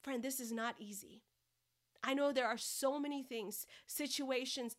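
Earnest woman podcast host, soft emphasis. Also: high voice, a little slow. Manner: earnest, encouraging, drops to soft breathy emphasis. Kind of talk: faith-based podcast teaching.

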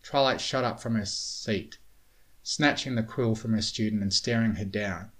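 A man reading a storybook tale aloud in a steady, measured way. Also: lowish voice. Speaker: reader. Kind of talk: storybook narration of fan fiction.

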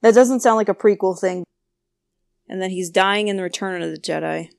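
A woman co-hosting a podcast in casual chat, animated, giggly and quick to exclaim. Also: medium pitch, creaky. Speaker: podcast co-host and quiz contestant.

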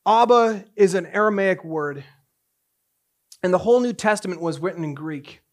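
A man preaching a sermon as pastor, moving between hushed storytelling and raised, emphatic passages. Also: high voice, expressive, moderate pace.

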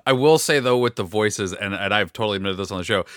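A man's voice: fairly low pitch, quick pace, no echo, clean studio sound. A man chatting casually as a podcast co-host and game master, laughing often. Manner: lively, laughs often, bright tone. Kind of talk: casual chat.

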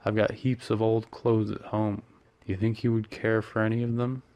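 A man doing an earnest young gentleman. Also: fairly low pitch, flat delivery, normal speed, dull audio, lightly acted. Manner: earnest and easily flustered.

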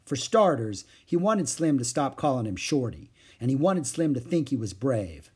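A man reads a children's chapter book aloud, his voice husky and mid-pitched. The delivery is lively and expressive, rising and falling as he tells the story. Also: normal speed, few pauses. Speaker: narrator.

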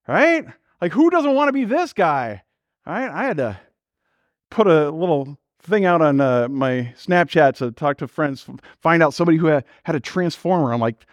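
High-voiced pastor preaching casually. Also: male voice, very animated, moderate pace, no room sound, studio quality. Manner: conversational preaching with rhetorical questions and acted-out quotes. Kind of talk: sermon.

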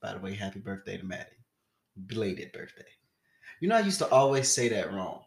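A man's voice: on the low side, brisk, gravelly, roomy sound. A young man co-hosting a podcast, telling a story in casual chat and acting out the people in it. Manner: animated, acts out quoted voices loudly. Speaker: podcast co-host.

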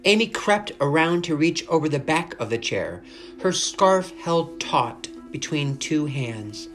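Brief: mid-pitched audiobook narrator for a kids' fantasy chapter book; steady, expressive read; light guitar bed. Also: unhurried. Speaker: storyteller. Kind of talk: reading a children's chapter book aloud.

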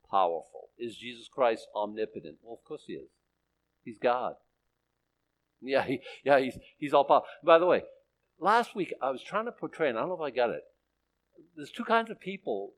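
A man's voice: medium pitch, low-quality recording. A male pastor preaching a conversational sermon, often checking in with his listeners.

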